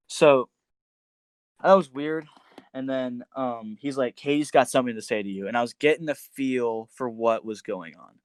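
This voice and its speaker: Young man, mid-low voice, dry close mic, animated storyteller full of "like" and "um". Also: normal speed, smooth, no room sound. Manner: animated, many fillers and restarts, quotes others in a raised voice. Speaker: podcast guest telling a story. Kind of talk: casual podcast storytelling.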